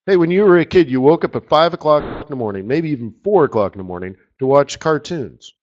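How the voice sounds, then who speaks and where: A Canadian forex market strategist runs a live trading webinar, rambling casually, cracking jokes, and frequently checking in with "right?". His voice is a little high, animated, and fast, and the webinar audio is slightly muffled.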